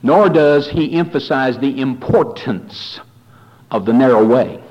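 A man preaching a fiery sermon, swinging from quiet warnings to loud rising appeals, calling his listeners folks. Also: mid-range voice, a little slow, lo-fi sound. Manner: addresses listeners as "folks", repeats phrases.

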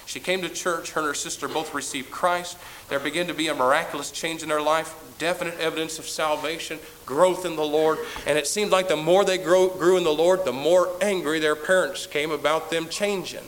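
A man preaching a sermon as a pastor, telling a story and swinging from hushed tones to booming exclamations. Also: steady tone, a little fast, a little hiss or hum, poor audio.

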